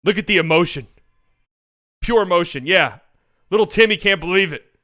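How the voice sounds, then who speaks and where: A man hosting a sports channel, talking through game footage in a casual, excitable way, swearing and joking freely. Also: sits high, moderate pace. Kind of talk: casual game-film breakdown commentary.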